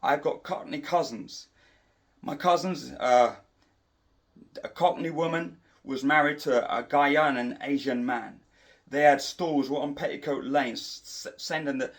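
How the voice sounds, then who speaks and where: A middle-aged man giving an impassioned preaching monologue, repeating and restarting his phrases for emphasis. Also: fairly high pitch. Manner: repetitive, emphatic, with frequent restarts. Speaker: Christian preacher.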